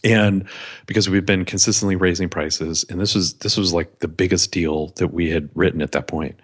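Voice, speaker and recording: A man with a fairly low voice talks as a guest on a business podcast. He tells his stories earnestly, often stumbling over the first words of a sentence. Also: fairly even intonation, normal speed, husky. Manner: earnest, repeats starts of phrases. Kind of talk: podcast interview, storytelling.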